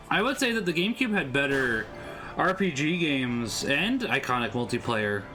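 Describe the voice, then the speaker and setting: A man's voice: mid-range voice, very animated, moderate pace, pushed and bright, soft background music. A man co-hosting a casual game stream, chatting and answering viewers' comments. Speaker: streamer co-host. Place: home streaming setup.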